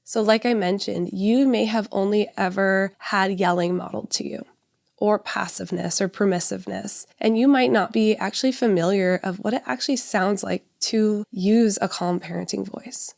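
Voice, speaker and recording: A woman's voice: medium pitch, moderate pace, gravelly, darkish tone. A woman in her thirties hosting a solo parenting podcast, talking in a conversational, reflective way and often checking in with "right?". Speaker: podcast host, parenting educator.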